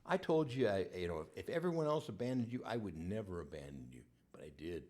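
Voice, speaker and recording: A man voicing a remorseful grown man who confesses in a hushed, halting, half-whispered voice. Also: low-pitched, sing-song.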